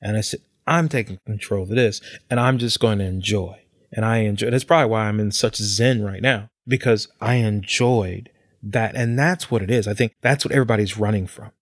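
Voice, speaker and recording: A podcast guest with a lowish voice talks a little fast in casual podcast chat, recorded with clean studio quality and no echo. He swears freely and gets fired up preaching about facing who you are.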